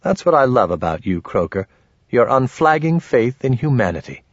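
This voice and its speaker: A man reading as a sarcastic, sharp-tongued woman. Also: medium pitch, very animated, moderate pace, no room sound, lo-fi sound. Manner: sarcastic, teasing.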